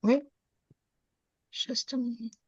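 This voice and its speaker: A woman's voice: on the high side, steady tone, takes it slowly, a little mellow, husky, no room sound. Woman teaching French, dull lo-fi audio. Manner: switches between Hindi and English, explains step by step. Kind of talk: online class lesson.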